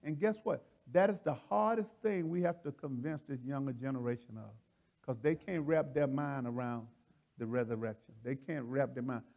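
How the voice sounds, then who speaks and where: A man preaching in a folksy, excitable way, often laughing and repeating phrases as he teaches. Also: medium pitch, vocal fry, highs cut off. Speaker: preacher leading a Bible study. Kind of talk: animated sermon teaching.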